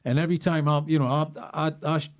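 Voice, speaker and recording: A man hosting a podcast, chatting casually and telling animated stories. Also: on the high side, fast. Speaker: podcast host. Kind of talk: casual chat.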